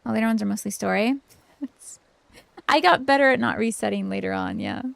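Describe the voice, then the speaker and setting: A woman's voice: fairly high pitch, huge pitch swings, moderate pace, vocal fry, no echo. Chatty upbeat young woman streamer. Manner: chatty, upbeat, rambling with fillers. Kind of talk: casual chat while livestreaming a game.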